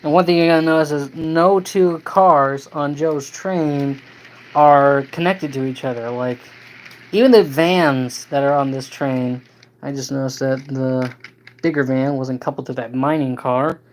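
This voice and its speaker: A tired model railroad host chatting casually on a live stream, halting with many fillers and talking to the toy trains. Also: medium pitch, darkish tone, slight background noise, rough recording.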